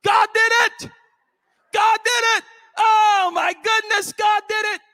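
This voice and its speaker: A man voicing a broke churchgoing woman who shouts her praise in ecstasy. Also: extremely high pitch, level tone, takes it slowly, voice pushed up, exaggerated voice. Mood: jubilant shouting.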